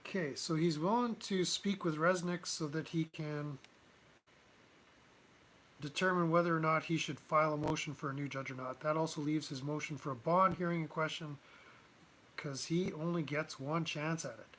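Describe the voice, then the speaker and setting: A man hosting a casual commentary livestream, talking in a halting way with many restarts and fillers. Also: a little high, steady tone, a bit bright, slight background noise. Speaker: livestream host.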